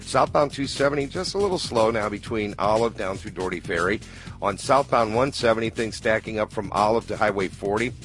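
Low-voiced radio traffic reporter. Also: male voice. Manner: brisk, steady report delivery. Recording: faint music bed behind.

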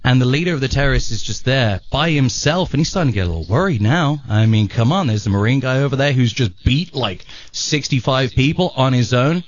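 A man telling a joke on a radio show, animated, acting out sound effects as he goes. His voice swings widely in pitch. The broadcast sound is dull and lo-fi. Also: a little fast, hardly any pauses, a little hiss or hum. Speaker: radio show regular at the control board. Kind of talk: storytelling a joke on air. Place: radio studio.

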